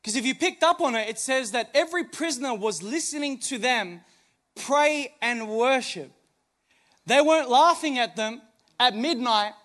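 A man's voice: very high voice, fairly bright tone. A man preaching a sermon as pastor on a church stage, emphatic, with many rhetorical questions.

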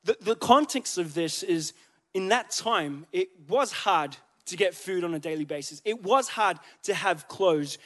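A man preaches in a church with a high voice. He talks in a chatty, joking way and keeps asking the congregation questions. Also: animated, a little slow. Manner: chatty, joking, asks the crowd. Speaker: pastor. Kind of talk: sermon.

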